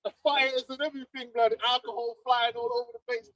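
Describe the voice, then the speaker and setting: A man, preaching in casual livestream chat, animated and laughing, often repeating words. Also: extremely high pitch, brisk, low-quality recording.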